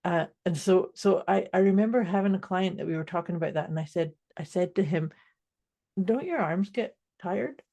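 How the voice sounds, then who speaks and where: Low mellow Scottish woman. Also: steady tone, quick pace, gravelly, hardly any pauses. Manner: chatty, laughs easily, storytelling. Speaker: life coach, podcast co-host. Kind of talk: casual podcast chat.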